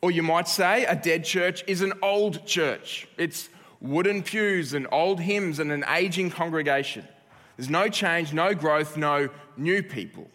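A man's voice: fairly high pitch, measured pace, a bit bright, long reverb tail. A man preaching a sermon as pastor, conversational and with joking asides.

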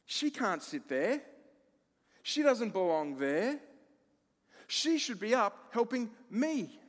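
A man's voice: sits high, sing-song, slow pace, big-room sound, pitched above the performer's own voice, exaggerated voice. A man voicing a frustrated, put-upon woman who whines and complains about her sister. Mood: exasperated. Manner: exasperated, whiny complaining.

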